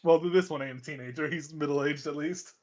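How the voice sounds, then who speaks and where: Fast-talking man player, stumbling. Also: fairly high pitch, a little mellow. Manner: stumbling, repeating words. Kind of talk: casual chat at the game table.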